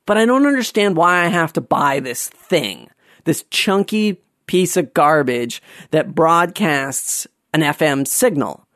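A man hosting a casual monologue, rambling and going off on tangents, sometimes ranting with animated exasperation. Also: high voice, no room sound, studio quality. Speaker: podcast host.

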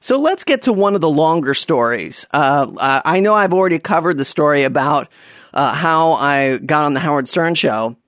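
Casual American male storyteller, slightly high voice, dry close sound, self-mocking. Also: expressive, moderate pace, fairly bright tone, no echo. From United States. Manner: chatty and self-deprecating, with frequent restarts and comic put-on voices.

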